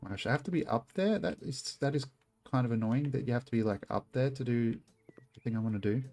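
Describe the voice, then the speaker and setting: Talking fast in a mid-range, slightly mellow voice, a man plays a game on stream and chats loosely with his viewers. He swears a lot and keeps drifting into rambling asides to chat.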